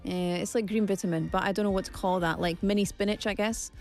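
A woman's voice: medium pitch, steady tone, fast talker, a little mellow, soft background music. A young woman from Scotland hosting a casual vlog segment, playful and theatrical. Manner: playful, theatrical, shifts into silly voices. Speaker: vlogger.

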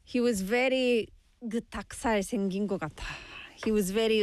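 A woman's voice: on the high side, steady tone, rapid-fire, a little mellow, dry recording. A woman hosting a radio show, chatting playfully and mixing in Korean phrases. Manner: chatty, playful, switching between English and Korean. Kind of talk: casual radio talk. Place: radio studio. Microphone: studio microphone.

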